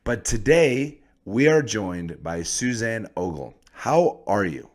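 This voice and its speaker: Hoarse deep-voiced male podcast host. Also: sing-song, takes it slowly, darkish tone. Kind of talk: casual podcast chat.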